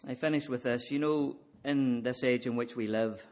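A man preaching a sermon in a measured, earnest way, leaning on repeated refrains. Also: mid-range voice, steady tone, a little mellow.

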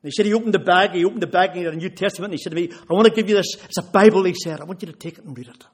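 A man's voice: high-pitched, racing, slightly rough. A man giving a sermon testimony, retelling conversations with rising intensity. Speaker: preacher.

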